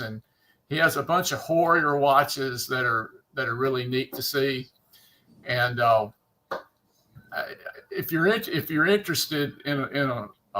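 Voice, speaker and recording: Mississippi guy with a bright forceful voice, halting, repeats himself a lot. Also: medium pitch. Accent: Mississippi Southern. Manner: halting, repeats words and restarts often. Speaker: guest watch collector. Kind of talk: casual livestream chat.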